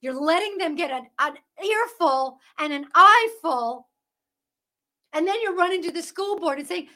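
A woman with a high, bright-pitched voice delivers fervent Christian commentary as a podcast host. She hammers her points with rhetorical questions and urgent calls to wake up, swinging between loud emphasis and hushed asides. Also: animated, unhurried. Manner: parent.

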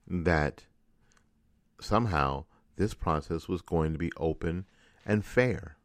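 Deep-voiced man ranting angrily. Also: takes it slowly, no room sound. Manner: angry, ranting, repetitive. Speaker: radio host. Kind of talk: political commentary monologue.

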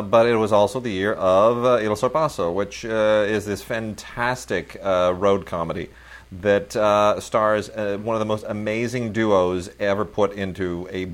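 A man's voice: on the low side, moderate pace. A man co-hosting a film podcast, chatting enthusiastically and rambling with many fillers about new releases.

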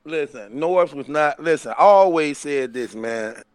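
A man co-hosting a casual podcast chat, animated and laughing as he acts out what others said. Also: a little high, measured pace, clear, resonant tone, no room sound. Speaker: podcast co-host.

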